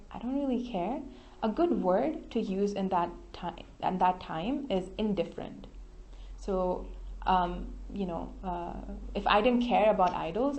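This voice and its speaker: A woman's voice: mid-range voice, dark tone. A woman tutoring an English discussion group, giving patient, explanatory feedback with many fillers. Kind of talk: spoken feedback to a study group.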